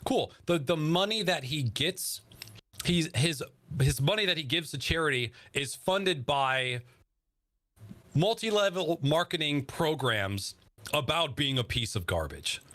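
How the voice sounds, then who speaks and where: A man's voice: on the high side, lively intonation, unhurried, pushed and bright, no echo. A man co-hosting a casual podcast, talking bluntly and swearing freely as he makes his points. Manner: blunt, swears freely, talks in earnest stretches. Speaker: podcast co-host.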